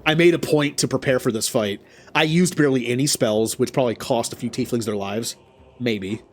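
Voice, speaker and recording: A man's voice: medium pitch, fairly quick. A man hosting a let's play, thinking aloud about his moves with chuckles and self-deprecating remarks. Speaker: gaming channel host.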